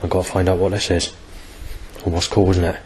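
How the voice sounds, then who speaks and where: A man's voice: deep voice, level tone, fairly quick, a little mellow, slight background noise. A man in pain, rambling through a coarse and bitter personal video diary between coughs. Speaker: vlogger.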